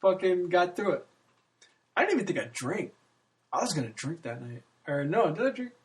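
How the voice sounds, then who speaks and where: A man's voice: fairly high pitch, sing-song, fairly quick. A man in his early thirties, rambling candidly in a casual monologue, swearing freely and laughing often. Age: 30s. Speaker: podcast host.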